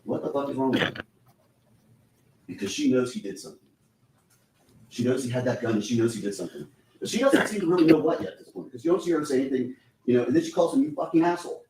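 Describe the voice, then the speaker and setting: A man's voice: mid-range voice, racing, dark tone, slight background noise. A man giving a closing argument in a courtroom, urgent and insistent, repeating key points to the jury. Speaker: defense attorney. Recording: echoey courtroom audio from a distance.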